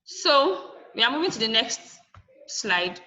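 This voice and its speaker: A woman's voice: high voice, very animated, unhurried, bright, forceful tone, low-quality recording. A woman teacher giving a lesson over a video call, firm and instructive, spelling out word endings letter by letter. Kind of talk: online class lesson.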